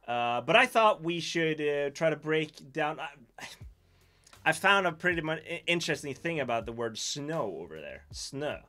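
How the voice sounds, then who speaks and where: A man's voice: mid-range voice, sharp tone. A man with a Swedish accent, a native Swedish speaker, hosting a casual livestream and musing aloud in a self-mocking way while reading from the chat. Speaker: livestream host.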